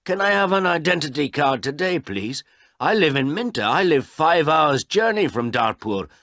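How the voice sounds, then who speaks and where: A man's voice: a little high, very animated, normal speed, a bit bright, no echo, studio quality, pitched above the performer's own voice. A man doing a pleading old villager. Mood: pleading, insistent. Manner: urgent, insistent pleading.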